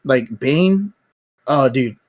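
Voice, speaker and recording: A man's voice: medium pitch, expressive, very slow. A man hosting a live stream, chatting casually about movies, rambling and blunt, with plenty of swearing. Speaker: stream host. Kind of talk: casual chat.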